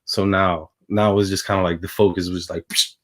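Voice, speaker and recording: Lively New man telling stories. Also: sits low, fairly quick. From Brooklyn, New York. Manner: animated storyteller who acts out quoted voices. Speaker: guest, former baseball pitcher. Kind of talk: casual storytelling interview.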